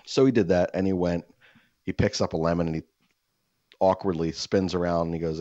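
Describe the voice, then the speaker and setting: A man with a very low, deep voice tells a meandering story, leaning on "like" and "you know" as he goes. The sound is dry and close, slightly dull and lo-fi, and he drops into put-on voices for the people he quotes. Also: expressive, measured pace, pauses often, a little mellow, dry recording. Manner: rambling, heavy "like" fillers. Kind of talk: casual anecdote.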